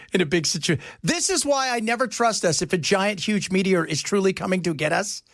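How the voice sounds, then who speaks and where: A man's voice: high-pitched, animated, normal speed, fairly bright tone, no echo, clean studio sound. A man hosting a radio talk show, joking and sarcastic in casual banter. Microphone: studio mic.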